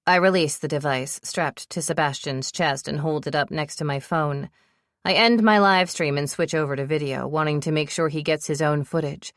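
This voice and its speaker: Woman, audiobook narrator, first-person romance, low voice, urgent, dry close recording. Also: normal speed, dry recording.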